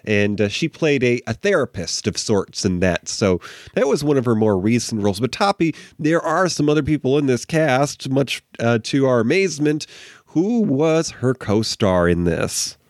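Male co-host, informative, steady, uh-filled delivery, dry sound. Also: medium pitch, moderate pace, dry recording. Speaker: co-host of a movie watch show. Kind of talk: casual chat.

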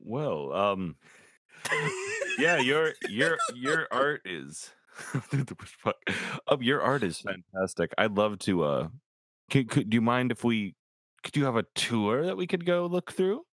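Lively young player, swears a lot. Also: mid-range voice, measured pace, dry recording. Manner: laughing, swears, animated. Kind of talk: casual tabletop play.

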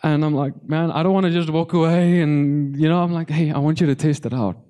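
A man preaching a personal testimony sermon to a congregation, halting and repeating words as he speaks, his voice tearful. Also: on the high side, steady tone, dark tone, smooth.

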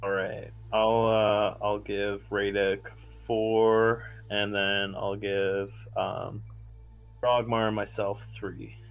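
A man's voice: fairly low pitch, level tone, slow, clear, resonant tone, phone-quality sound, soft background music. A young man playing a tabletop game, joking loosely with the group. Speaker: player. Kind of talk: casual tabletop play.

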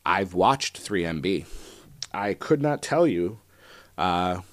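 A man's voice: low voice, expressive, takes it slowly, no room sound. A man hosting his own podcast, chatting casually and rambling with lots of fillers and restarts. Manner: rambling, self-deprecating, many fillers. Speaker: podcast host. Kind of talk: casual solo podcast chat.

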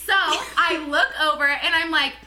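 Young woman, podcast co-host, animated storytelling, bright tone, faint hiss. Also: sits high, a little slow. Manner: animated, profane, laughing. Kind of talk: casual storytelling chat.

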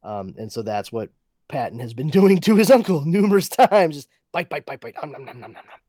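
Animated man recapping a comic, dry sound. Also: a little high, no room sound. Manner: animated storyteller, quick asides, laughs often. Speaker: podcast co-host. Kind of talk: casual comic book review chat.

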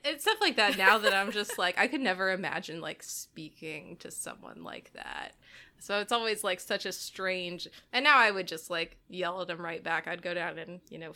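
A woman's voice: lowish voice, sharp tone. A woman telling a story in casual conversation, talking loosely with lots of fillers. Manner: chatty, many "like" fillers, rising into laughs. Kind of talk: casual chat.

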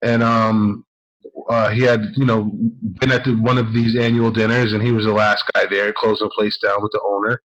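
A man's voice: lowish voice, little pitch movement, normal speed, fairly bright tone, muffled recording. A man telling a story in a casual, rambling way as a podcast host.

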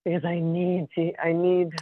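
A worn-down woman calling into a support group from her apartment, talking in a weary, halting way and breaking off mid-sentence. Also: lowish voice, monotone, a crowd in the background. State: worn down, emotionally drained. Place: condo apartment. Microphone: phone. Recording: tinny phone line.

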